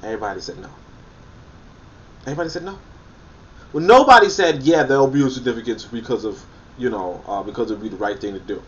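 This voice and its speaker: A man's voice: medium pitch, expressive, quick pace, long pauses, distant mic, lo-fi sound. A man reading a book aloud and commenting on it critically, emphatic and incredulous, often repeating his points for emphasis. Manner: incredulous and scoffing.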